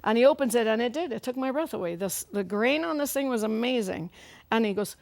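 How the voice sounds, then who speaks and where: A woman guest singer-songwriter telling stories in a chatty, animated way, laughing often, on a live talk show. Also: on the high side, fast, no room sound.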